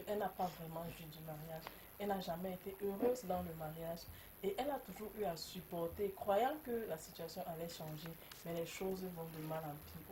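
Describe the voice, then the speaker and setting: A woman, a marriage counselor explaining a case in a measured way on a talk show. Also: on the low side, background noise.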